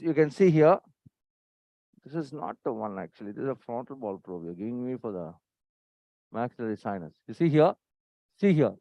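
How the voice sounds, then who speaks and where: A man's voice: on the high side, a little mellow, no echo. A man teaching a surgery live, checking in with questions and repeating his pointers. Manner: instructive, repeats "see here" and quizzes listeners; brisk and impatient with staff. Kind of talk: live surgical teaching commentary. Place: operating theatre. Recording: dry, dull lo-fi recording.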